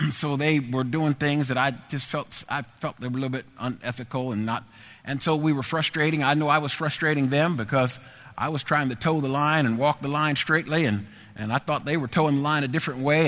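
A middle-aged man preaching and telling a personal testimony, emphatic and repetitive. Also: mid-range voice. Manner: emphatic, repetitive, animated storyteller. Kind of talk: sermon testimony storytelling. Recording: echoey hall reverb.

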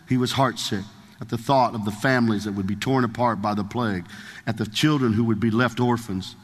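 A man's voice: mid-range voice, fairly even intonation, brisk. Give me a male preacher reading a story from the pulpit, earnest and emphatic, with long hall echo. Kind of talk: sermon, reading a story aloud.

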